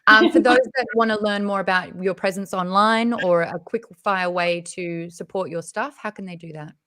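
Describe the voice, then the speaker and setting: A woman's voice: mid-range voice, moderate pace, a bit bright. Chatty, enthusiastic woman book club host. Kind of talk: casual video interview hosting.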